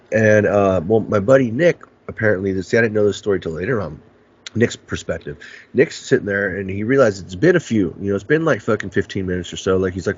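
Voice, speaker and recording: A man's voice: lowish voice, moderate pace. A man hosting a podcast, telling a long story in a rambling, casual way and swearing a lot. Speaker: podcast host. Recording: lo-fi podcast recording.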